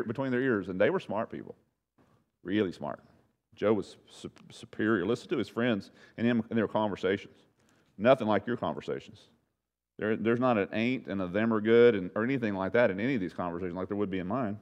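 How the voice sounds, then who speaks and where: A man's voice: on the low side, fast. A man teaching a Bible study lesson in a conversational, folksy way with self-deprecating asides.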